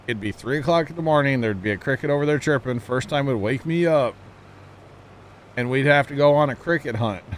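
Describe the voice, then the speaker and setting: A man's voice: medium pitch, slight background noise. A man chatting casually with his viewers while streaming a game, talkative and self-teasing, laughing often.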